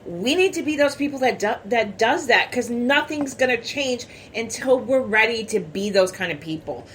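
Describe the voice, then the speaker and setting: A woman's voice: fairly high pitch, lively intonation, normal speed, fairly bright tone, a little hiss or hum. Blunt, outspoken woman. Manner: blunt and outspoken, swears freely. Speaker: podcast co-host. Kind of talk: casual chat.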